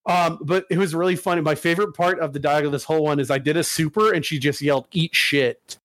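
A man's voice: fairly high pitch, fairly even intonation, rapid-fire, no room sound. A man hosting a casual podcast chat, rambling and profane, with many restarts.

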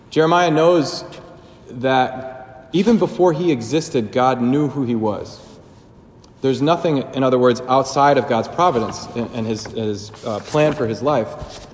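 A man's voice: medium pitch, measured pace, reverberant, in a large hall, slight background noise. A man giving a sermon as a priest, talking casually and conversationally with fillers and joking asides.

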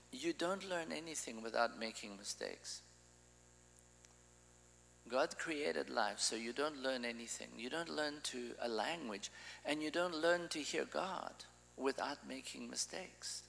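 A man's voice: mid-range voice, slow pace, creaky, long pauses, fairly bright tone, long reverb tail, low-quality recording. A man preaching an informal sermon, talking in a loose, conversational way and often restarting his sentences.

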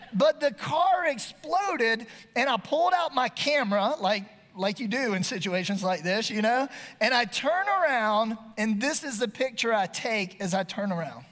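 A man spins a comic personal story for an audience, folksy and lively. He leaps into shouted lines when he replays his own warnings. The sound carries a long hall reverb. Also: high-pitched. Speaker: speaker telling a personal story.

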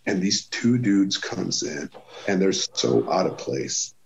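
A man from Sweden telling a tour story in casual chat, animated and swearing, acting out what people said. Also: low-pitched, takes it slowly, gravelly, dull audio, slight background noise. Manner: animated, swearing, acts out quotes with raised voice. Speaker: touring musician telling a story.

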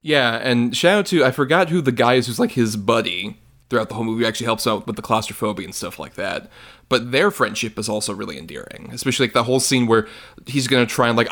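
A man co-hosting a casual film podcast, excitable and loose-tongued, often swearing as he chats. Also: mid-range voice, fast. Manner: excitable, swears freely, acts out movie scenes. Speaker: podcast co-host.

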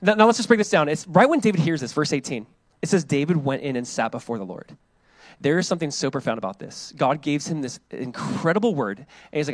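A male pastor preaching a sermon in a casual, conversational way, playing out the voices in his quotes and dropping to a soft hush when he reflects. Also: fairly high pitch, expressive, fast talker, no echo.

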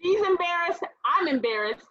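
Bright high-voiced woman telling a story. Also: normal speed, dry recording, highs cut off. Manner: animated, acts out quoted voices, laughs while telling. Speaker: guest. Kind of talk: casual storytelling on a radio show.

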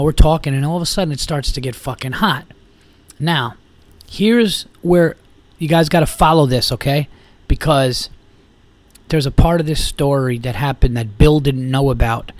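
A man of middle pitch tells a long, profane story on his podcast, jumping into the voices of the people in it. His delivery is loose and animated. The sound is dry and close to the mic. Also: no echo. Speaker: podcast host telling a story. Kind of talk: casual storytelling.

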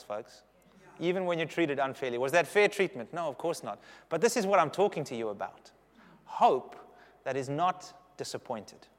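A man preaching a sermon to a congregation, animated and humorous, with asides to the audience. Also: on the high side. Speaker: pastor. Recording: long reverb of a big hall.

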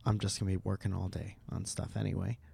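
A man's voice: low-pitched, little pitch movement, fast talker, creaky, warm tone, husky, dry recording. A man co-hosting a podcast in loose, casual chat, swearing often and restarting his sentences. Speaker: podcast co-host.

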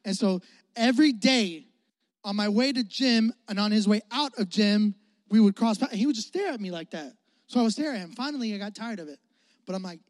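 A young male preacher from the Chicago area with a high voice, telling a story in an animated, joking way and talking straight to his audience. The recording is close and dry. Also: brisk, dry recording. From Chicago area, United States. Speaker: youth preacher. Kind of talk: storytelling sermon.

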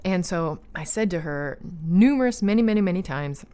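A woman talking casually about her own life, earnest, with lots of fillers and restarts, growing animated when she retells disagreements. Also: lowish voice, moderate pace, clean tone. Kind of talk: personal storytelling chat.

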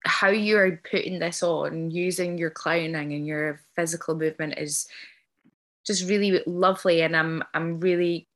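A woman's voice: on the low side, fairly bright tone. A woman hosting a podcast interview, talking earnestly and effusively with many ums and restarts. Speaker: podcast host. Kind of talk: casual interview chat.

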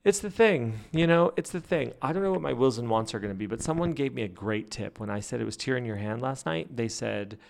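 A man hosting a fan podcast, telling stories and chatting in a gossipy, animated way that breaks into laughs. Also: medium pitch, fairly quick, gravelly, hardly any pauses. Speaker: podcast host. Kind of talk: casual chat.

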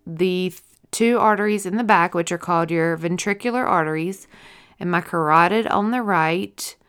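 A young stroke survivor shares her story in a halting, emotional testimony full of fillers and restarts. Her lowish voice stays smooth and resonant, though she sounds teary and exhausted, yawning between thoughts.

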